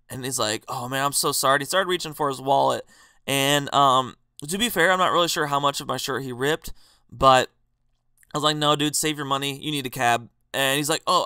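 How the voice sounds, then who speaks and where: A man's voice: mid-range voice, pushed and bright, clear, resonant tone, dry recording. A young man telling a rambling, casual story as a gaming commentary vlogger, chatty, laughing and swearing freely into a desk microphone. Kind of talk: casual storytelling over gameplay.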